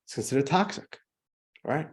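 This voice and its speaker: A man's voice: medium pitch, lively intonation, normal speed. A male rabbi teaching an adult class in a conversational lecture style, asking rhetorical questions and telling jokes.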